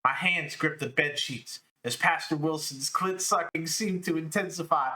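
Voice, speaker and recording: A man's voice: on the high side, moderate pace, bright, forceful tone. A man co-hosting a podcast, doing a comedic reading of a crude novel and laughing as he goes. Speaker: podcast co-host.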